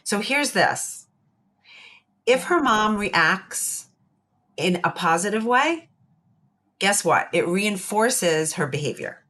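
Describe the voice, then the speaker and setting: A woman's voice: mid-range voice, lively intonation, slow, long pauses, bright, forceful tone. A woman speaking as a psychologist guest in an interview, earnest and emphatic, often repeating her key points. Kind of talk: interview conversation.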